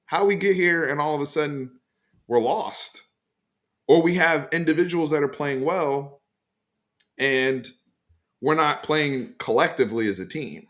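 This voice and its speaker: A man hosting a casual sports talk show, giving emphatic opinions in a loose, animated way with frequent fillers. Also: fairly high pitch, a little slow, long pauses. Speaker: sports podcast host.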